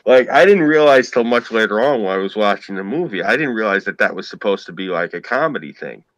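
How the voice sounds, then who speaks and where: A man's voice: on the low side, expressive, fast talker, fairly bright tone, no echo, low-quality recording. A man with a New York accent in casual podcast chat, rambling and emphatic, swearing freely and using "like" a lot. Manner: rambling, emphatic, profane, heavy use of "like".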